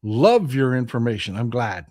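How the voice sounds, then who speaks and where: A man's voice: mid-range voice, sing-song, normal speed, darkish tone. Texan man hosting a live stream. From Texas. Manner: reads chat aloud, greets viewers by name, self-correcting restarts. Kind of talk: casual live stream chat reading viewer comments.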